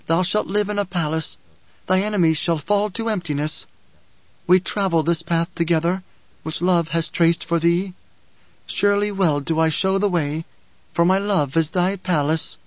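A man reading an audiobook, voicing a young girl who channels her dead mother with a clear piping voice, tender and solemn. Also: a little mellow, dry recording, lightly acted. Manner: tender, solemn, lifted higher than his own voice. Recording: dry, slightly dull studio recording.

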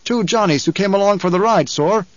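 A man voicing a tall desert dweller who speaks in stern, old-fashioned phrases, raised in pitch and volume above his narration. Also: a little fast, dry recording, highs cut off, close to an everyday voice. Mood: matter-of-fact.

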